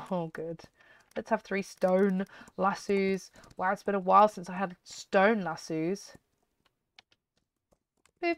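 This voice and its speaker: A woman giving chatty, excitable let's-play commentary as a gaming YouTuber, often giggling. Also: medium pitch, dry recording.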